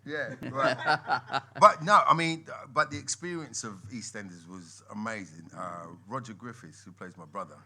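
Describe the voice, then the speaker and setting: A man as a guest on a live podcast, telling lively stories and laughing often. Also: on the low side, moderate pace, a crowd in the background. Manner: animated storyteller, laughs often, lively swings in loudness. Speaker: guest musician and actor. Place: members' club room with a live audience.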